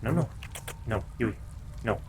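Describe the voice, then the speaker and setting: A relaxed man with a fairly low voice chats casually to his stream viewers at home, sometimes telling his dogs to calm down. The recording is noisy, with dogs and household sounds behind him. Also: a little slow. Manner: laid-back, talks to chat and scolds his dogs. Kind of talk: casual live-stream chat.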